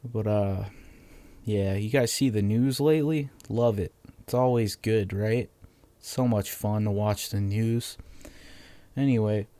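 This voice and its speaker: Monotonous sarcastic man ranting. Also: fairly low pitch, takes it slowly. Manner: monotonous, deadpan sarcastic, profane. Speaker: podcast host. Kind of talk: casual solo podcast rant. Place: at home. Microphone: microphone on a stand.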